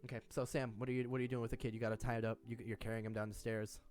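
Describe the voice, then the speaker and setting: A man's voice: medium pitch, rapid-fire, music in the background. Laid-back man running a tabletop game. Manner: relaxed, rambling, lots of fillers and laughs. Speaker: game master.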